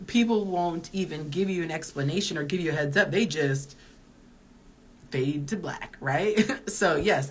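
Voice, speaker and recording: A woman's voice: low-pitched, a bit bright, slight background noise. A woman in her early forties, a dating coach, giving candid advice in a chatty live-stream Q&A while reading viewer comments aloud. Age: early 40s.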